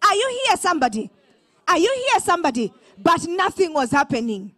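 Malawian woman preacher, very high voice, dry close sound, impassioned, shouting calls to the congregation. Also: sing-song, fairly quick, no echo. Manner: impassioned, call-and-response, often shouting. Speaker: prophetess preaching. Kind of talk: sermon.

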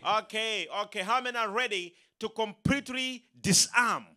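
A man preaching a sermon, animated, repeating his words and acting out the people he quotes. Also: sits high, moderate pace.

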